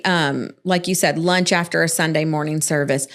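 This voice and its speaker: A woman's voice: deep voice, fairly even intonation, normal speed. A woman co-hosting a casual church podcast, upbeat and chatty. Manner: upbeat, chatty, laughs often. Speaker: co-host.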